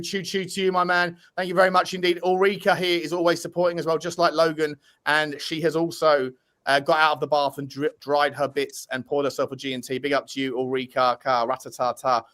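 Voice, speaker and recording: A man hosting a casual fan podcast, cheerfully reading out and thanking super chat donors. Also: fairly high pitch. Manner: upbeat, shouting out donors, chatty with restarts. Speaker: host reading super chats.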